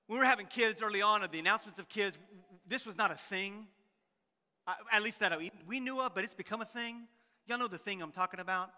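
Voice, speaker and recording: A middle-aged man preaching in a church sanctuary, his high, very bright voice carrying a long hall reverb. He is animated and plays out little voices, then drops to a near-hush for serious points. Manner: animated, acts out voices, swings from loud to hushed. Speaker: pastor. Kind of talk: sermon.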